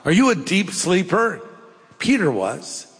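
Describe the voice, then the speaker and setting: An older man preaching a sermon, telling folksy stories with jokes and pauses. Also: high-pitched, very animated, fairly bright tone, slightly rough. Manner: folksy, jokey storytelling with pauses. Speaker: pastor. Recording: long hall reverb.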